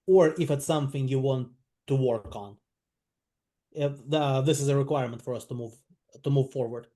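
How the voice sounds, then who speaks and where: A man's voice: mid-range voice, moderate pace, warm tone. A man practicing a sales role-play on a video call, thoughtful and a little hesitant. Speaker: sales trainee.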